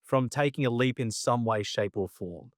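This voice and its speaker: A man's voice: medium pitch, normal speed, no echo, clean studio sound. Earnest young man, reflective guest. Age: young adult. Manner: reflective, earnest, repeats himself while thinking. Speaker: guest speaker and coach. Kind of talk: conversational interview.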